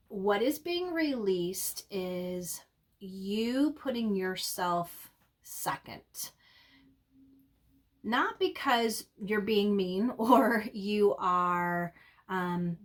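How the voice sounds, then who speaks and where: A woman giving an intuitive tarot reading, talking in a halting way with many ums and restarts. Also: mid-range voice. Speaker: tarot reader.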